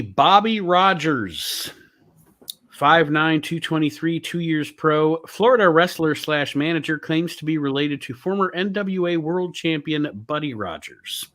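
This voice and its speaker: A man's voice: on the high side, fairly bright tone. Laughing man reading wrestling cards. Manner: laughs often, reads stats then riffs. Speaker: podcast host.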